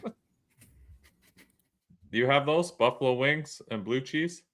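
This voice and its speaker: A man's voice: medium pitch, takes it slowly, fairly bright tone. A man co-hosting a podcast in casual, joking banter, swearing and laughing often. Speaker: podcast co-host.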